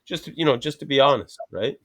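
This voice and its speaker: Guest: fast-paced man, casual and profane, acts out every voice in his stories. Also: mid-range voice. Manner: profane, rambling anecdotes with quoted dialogue. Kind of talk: casual storytelling chat.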